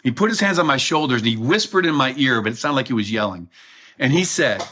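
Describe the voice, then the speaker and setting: A man's voice: mid-range voice, lively intonation, moderate pace, bright, forceful tone. A middle-aged man telling a personal story as a podcast guest, earnest and emotional. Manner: earnest, emotional, quotes himself.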